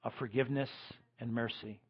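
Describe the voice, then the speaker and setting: A man preaching a sermon as pastor, swinging between loud emphatic lines and quiet ones. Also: medium pitch, fairly even intonation, brisk, slightly rough, highs cut off.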